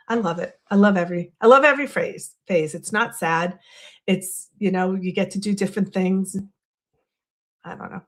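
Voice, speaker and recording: Chatty woman live-streaming from home. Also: medium pitch. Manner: chatty, rambling, talks to chat viewers. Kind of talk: casual live-stream chat.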